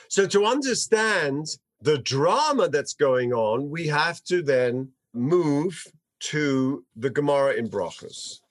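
A man teaching a text study class, reading verses aloud and translating them in a dramatic, animated way. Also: fairly high pitch. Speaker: Bible teacher.

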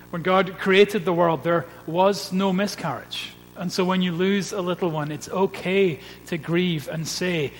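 A male pastor preaching a sermon in an earnest, measured way, building points with repeated refrains. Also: high-pitched, steady tone. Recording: long reverb with faint hum.

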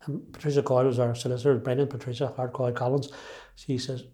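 A man's voice: mid-range voice, flat delivery, quick pace, warm tone. A man from Derry in his sixties with a Derry accent, recounting his own story in an interview, emphatic and full of restarts. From Northern Ireland. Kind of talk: personal storytelling.

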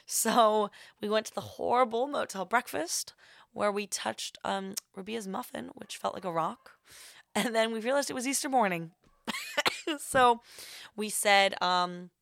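Young female podcast host, gravelly voice, dry close sound, rambling casual storyteller. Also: medium pitch, unhurried, fairly bright tone, no room sound. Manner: rambling, heavy on filler words.

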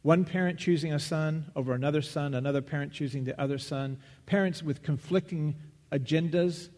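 Earnest preacher in a big echoing hall. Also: male voice, a little high, a little mellow. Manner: earnest, searching, with restarts and pauses. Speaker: pastor. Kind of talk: sermon. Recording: long reverb of a large hall.

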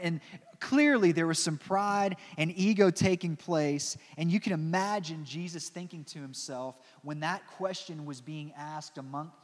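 A higher-voiced preacher in a reverberant church. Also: male voice. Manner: storytelling, dramatizing, joking asides. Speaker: pastor. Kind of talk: sermon.

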